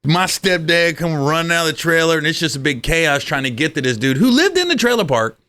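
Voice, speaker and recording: A man's voice: fairly high pitch, sing-song, brisk, pushed and bright. A man, a comedian guest, telling comic stories in conversation and laughing through them.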